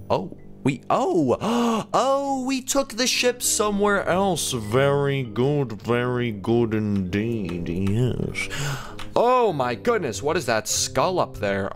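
A man's voice: mid-range voice, slow pace, soft background music. A man hosting a gaming video, giving playful, jokey let's-play commentary as he plays. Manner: playful, animated, jokey self-talk.

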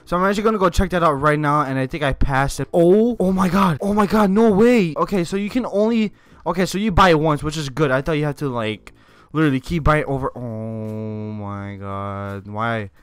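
A young man hosting a gaming video, commenting excitedly, laughing and yelling at what happens in the game. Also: a little high, fast talker, no echo.

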